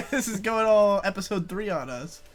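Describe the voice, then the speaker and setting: A man's voice: high voice, lively intonation, normal speed, a crowd in the background. Rambling, profane young man gaming. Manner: rambling, profane, laughs often. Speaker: co-host playing a fighting game. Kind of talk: casual chat over gameplay.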